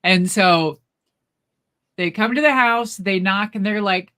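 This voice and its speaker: A woman co-hosting a live show, telling a rambling, animated family story in casual chat. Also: medium pitch, slow pace, pauses often, clear, resonant tone. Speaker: co-host.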